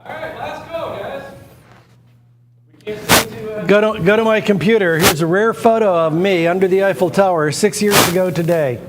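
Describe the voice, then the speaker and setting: A man's voice: sits high, animated, normal speed, pauses often, crowd noise. A man hosting a live TV art auction in a studio, chatting, joking and repeating words as he sells. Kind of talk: live auction sales patter.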